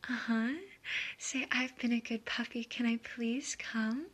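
A woman's voice: fairly high pitch, flat delivery, unhurried, slightly rough. A young woman in a whispered role-play, speaking in a teasing, dominant way with murmured uh-huhs and giggles. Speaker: audio role-play performer.

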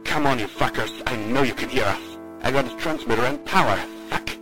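A man's voice: mid-range voice, a little slow, voice pushed up, close to an everyday voice. A man reading an audiobook, voicing a desperate male pegasus radio operator who curses and pleads for help. Music plays behind him. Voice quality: cursing, panicked, pleading. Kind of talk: audiobook character voice.

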